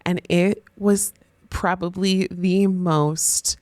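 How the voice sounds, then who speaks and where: A woman's voice: on the low side, steady tone, very slow, a little mellow, no room sound. A woman, a teacher co-hosting a podcast, chatting casually with emphatic reactions.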